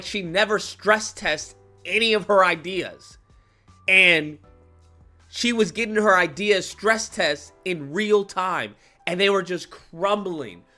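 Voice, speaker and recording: A man's voice: high voice, bright, forceful tone. A young man ranting animatedly as a YouTube commentator, slipping into exaggerated mock voices. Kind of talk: reaction rant.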